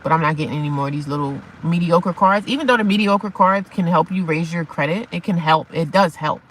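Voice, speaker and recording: A woman's voice: fairly low pitch, fairly quick, low-quality recording. A woman vlogging casually from her parked car in the rain, chatty and repetitive, calling her viewers honey and baby. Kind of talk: casual chat to camera.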